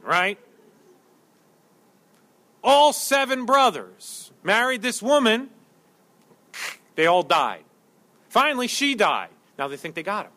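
A male pastor with a high, bright voice delivers an animated sermon. He jokes with the congregation and acts out the lines of the people he talks about, swinging his voice up and down. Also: unhurried, long pauses. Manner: animated, jokey preaching with acted-out quotes.

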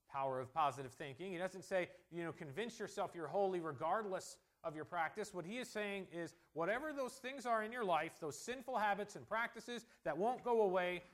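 High-voiced preacher with emphatic delivery. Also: male voice. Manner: emphatic, swings from soft asides to loud stressed points; joking asides. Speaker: pastor. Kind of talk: sermon.

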